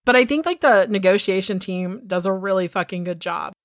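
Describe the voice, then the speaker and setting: Dry, animated woman recapping casually. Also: mid-range voice, fairly quick, no room sound. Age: 30s. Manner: swears freely, animated recapping. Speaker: podcast co-host. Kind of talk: casual chat.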